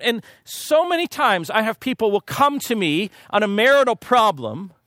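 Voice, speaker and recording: A man's voice: high-pitched, a bit bright, no echo, clean studio sound. A man preaching a sermon to his congregation in a conversational manner, acting out scenes. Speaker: pastor.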